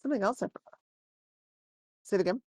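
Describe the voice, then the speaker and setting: A woman's voice: mid-range voice, quick pace, a little mellow, dry recording, studio quality. A woman narrating as game master in a tabletop game, chatty and digressive, often correcting herself.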